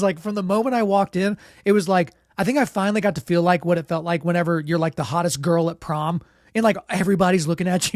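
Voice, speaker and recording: A man with a sore, sick throat casually tells a story as a podcast host, relaxed and self-deprecating, saying "you know" and "like" a lot. His pitch is fairly high, and the studio-quality recording is dry.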